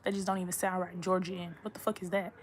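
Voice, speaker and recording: A woman's voice: fairly low pitch, little pitch movement, quick pace, slight background noise. Slangy young woman ranting. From Texas. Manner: blunt, slangy, profane, rambling. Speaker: vlogger. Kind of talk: casual chat to camera. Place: her room at home.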